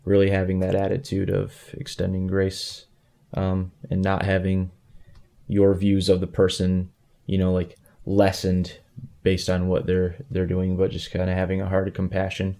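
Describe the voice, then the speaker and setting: A man co-hosting a casual faith conversation, soft-spoken and hesitant, often pausing to search for words. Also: low voice, monotone, vocal fry.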